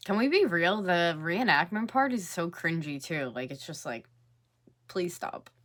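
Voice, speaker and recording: A woman's voice: on the low side, big pitch swings, measured pace, fairly bright tone. Blunt chatty young woman. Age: 20s. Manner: chatty and blunt, swears casually. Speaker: reaction video host. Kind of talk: casual reaction commentary.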